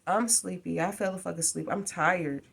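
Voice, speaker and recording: A woman's voice: fairly low pitch, fairly even intonation, normal speed, creaky, a bit bright, slightly rough. A woman vents to the camera in a casual vlog. She rambles, sounds exasperated and keeps firing off rhetorical questions. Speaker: vlogger.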